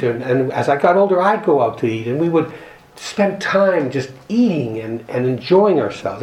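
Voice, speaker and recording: Reading from a book and sharing stories at a recovery group meeting, this Canadian man sounds a bit high and somewhat mellow, earnest and reflective with a wry sense of humor. The room is echoey and the recording quality low.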